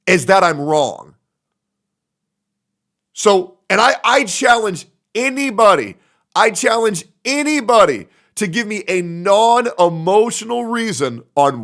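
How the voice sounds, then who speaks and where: A young man talks to his live chat in a heated, argumentative rant, swearing freely. His voice is bright and fairly high, and it swings widely in pitch as he presses his points. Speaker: streamer.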